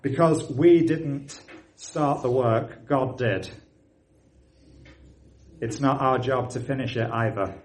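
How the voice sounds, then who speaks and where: A man preaching a sermon, telling a story and rising to loud, excited emphasis. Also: medium pitch, slow pace, long pauses, rough recording.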